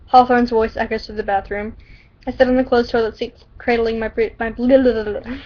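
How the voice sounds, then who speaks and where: A woman's voice: on the high side, little pitch movement, a little fast, darkish tone. A woman reading her own story aloud on a lo-fi recording, often giggling and stumbling over words. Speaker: amateur storyteller. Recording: dull lo-fi recording.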